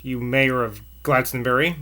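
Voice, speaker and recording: Husky, blunt bully, played by a male reader, pitched up and loud. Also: steady tone, moderate pace, close to an everyday voice. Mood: taunting. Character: Will Zoyland, a bold, rude man.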